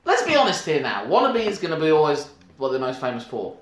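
A man's voice: fairly high pitch, huge pitch swings, quick pace. A man co-hosting a podcast, chatting casually about a film, rambling with lots of restarts and laughs. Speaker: podcast co-host. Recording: echoey room.

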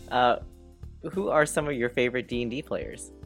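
A woman reading out listener questions in casual podcast chat, dry and hesitant with many ums. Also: extremely low pitch.

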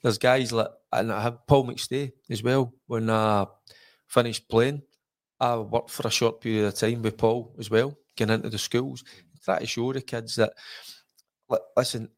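A man's voice: medium pitch, fairly even intonation, moderate pace. A middle-aged Scottish man, a former footballer, telling stories in casual chat with many restarts and acted-out quotes. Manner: rambling storyteller, frequent restarts, acts out quoted voices.

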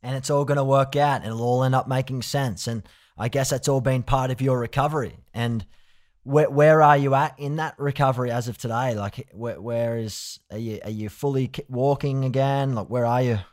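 A man interviewing a guest, asking gentle, reflective follow-up questions. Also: medium pitch, fairly even intonation, normal speed.

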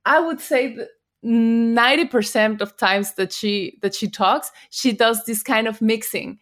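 A woman from Mexico speaking English with a Mexican Spanish accent, her voice sitting a little on the high side. She is an interview guest who tells lively stories and laughs often. Spanish is her first language. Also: unhurried. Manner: laughs often, animated storyteller. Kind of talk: casual interview chat.

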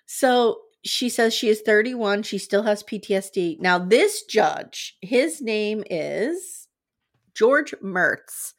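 A woman's voice: mid-range voice, expressive, slow. A young adult woman co-hosting a podcast, earnestly retelling events step by step in casual chat. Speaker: podcast co-host.

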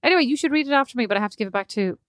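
A woman's voice: a little high, rapid-fire, dry recording. Chatty woman podcast host, dry close sound. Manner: chatty, self-mocking, animated storytelling. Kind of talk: casual chat.

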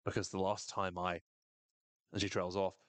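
A man casually recapping a TV episode on a podcast, animated, sweary and wry. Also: low-pitched, moderate pace, no echo.

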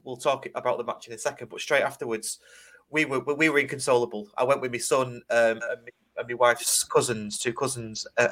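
A man, hosting a fan podcast in casual chat and telling stories in an animated way. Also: mid-range voice. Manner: chatty, animated storyteller with restarts. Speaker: podcast host.

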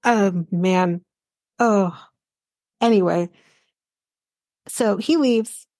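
A woman hosts a casual podcast chat, recapping with blunt exasperation and plenty of swearing. Her voice sits at a middling pitch, and the recording is dry and close with no room sound. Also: extremely slow, a little mellow, no room sound. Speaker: podcast host.

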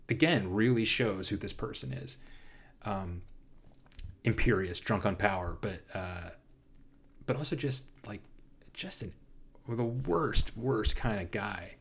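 A man in casual film discussion, animated and quick in bursts, often restarting his sentences. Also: fairly low pitch.

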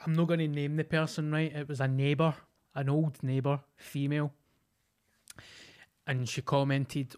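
Lively Scottish man telling stories. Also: a little high, moderate pace, long pauses. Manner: animated, acts out quotes. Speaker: podcast co-host. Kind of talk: casual chat, storytelling.

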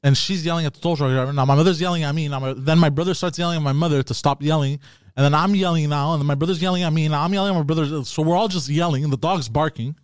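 A man's voice: on the high side, very fast, clear, resonant tone, no room sound. A man co-hosting a casual podcast, telling a long rambling story with restarts and laughs. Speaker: podcast co-host.

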